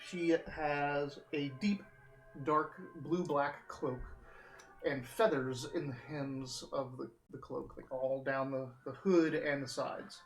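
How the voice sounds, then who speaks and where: A man running a live tabletop game as game master, describing scenes and often pausing on "uh" while he recalls names. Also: fairly high pitch, steady tone, soft background music, poor audio.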